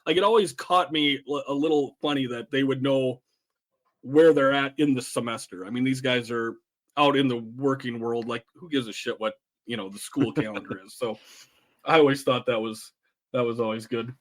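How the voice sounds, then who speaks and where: A man's voice: medium pitch, normal speed. A man co-hosting a podcast, casually retelling favorite film lines with laughs and lots of fillers. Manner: rambling, laughs while retelling quotes. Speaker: podcast co-host. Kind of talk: casual chat about a film.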